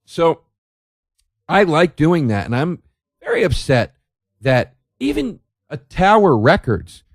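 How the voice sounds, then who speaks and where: A man's voice: a little high, big pitch swings, slow pace, no room sound. Sardonic man, dry close mic. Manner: sardonic, profane, rambling with restarts. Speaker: podcast host. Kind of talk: solo comedic monologue. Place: indoor room by a window.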